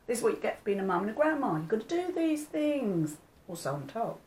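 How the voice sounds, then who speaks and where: A woman's voice: a little high, sing-song, brisk, darkish tone, slight background noise, rough recording. An older woman, chatting casually to her viewers, homely and rambling. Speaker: vlogger. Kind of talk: casual chat.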